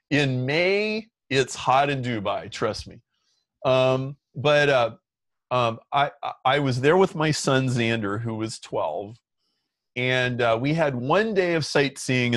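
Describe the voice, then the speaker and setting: A man's voice: mid-range voice, expressive, a little slow, a bit bright, no room sound. A middle-aged man telling stories as a guest in an interview, talking casually with many "like" fillers. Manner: chatty, lots of "like" fillers. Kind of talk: casual storytelling.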